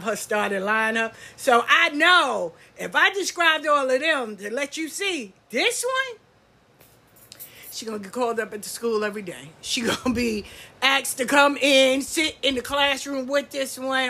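Husky older woman telling family stories. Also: fairly high pitch, pushed and bright. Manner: laughs often, blunt and profane. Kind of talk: casual storytelling.

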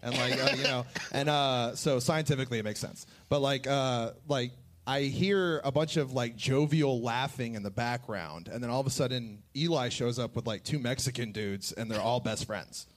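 A man's voice: medium pitch, normal speed. A man co-hosting a live comedy show, telling stories in a rambling way with many fillers. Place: stage before a live audience.

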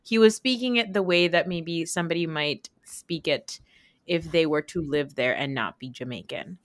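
A woman co-hosting a podcast in casual chat, expressive and teasing with quick reactions. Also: sits low, no echo. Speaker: podcast co-host.

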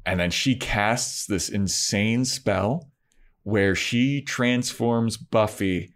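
Lively young man recapping with voices. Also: fairly low pitch, very slow. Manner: animated retelling, acts out characters' lines. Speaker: podcast co-host. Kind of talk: casual recap chat.

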